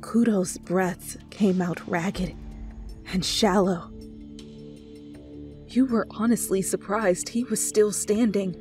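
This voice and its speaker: A woman narrating a second-person fanfiction story in a soft storytelling voice. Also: mid-range voice, fairly even intonation, takes it slowly, long pauses, soft background music. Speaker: fanfiction reader.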